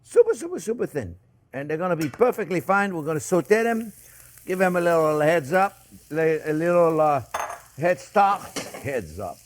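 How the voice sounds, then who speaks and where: A man's voice: sits high, lively intonation, moderate pace, slight background noise. An older man with a French accent hosting a casual cooking demonstration, chatty and joking with viewers he calls friends. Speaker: cooking show host. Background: sizzling pan in a kitchen.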